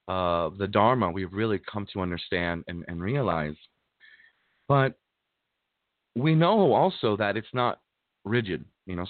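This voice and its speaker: A man speaks in a somewhat low voice, delivering an informal Buddhist talk. He is gentle and halting, often restarting his phrases and leaning on fillers. The recording is dry, with a narrow, phone-like sound. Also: dry recording. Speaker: Buddhist minister giving a dharma talk.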